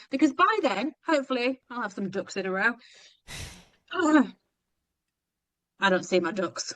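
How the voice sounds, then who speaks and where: An exhausted British woman sharing in a group coaching call, halting, rambling and self-deprecating. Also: mid-range voice, animated, fairly bright tone, no echo. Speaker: mentorship member.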